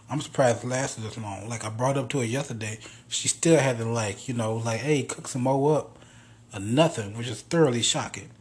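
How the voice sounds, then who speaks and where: A husky man hosts a podcast alone and talks in a loose, rambling way. His stories come out casual and full of profanity. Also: mid-range voice. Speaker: podcast host. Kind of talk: casual solo monologue.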